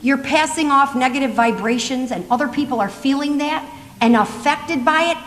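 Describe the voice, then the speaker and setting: A woman voicing her elderly father, an old man calmly giving advice. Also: sits high, moderate pace. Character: stern older Italian father giving calm advice. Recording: long hall reverb.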